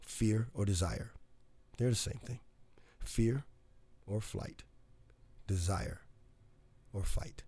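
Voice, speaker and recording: A man's voice: fairly low pitch, mellow, no room sound. A man hosting a motivational radio show, talking in a folksy, upbeat way and joking with listeners from a studio. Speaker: radio host.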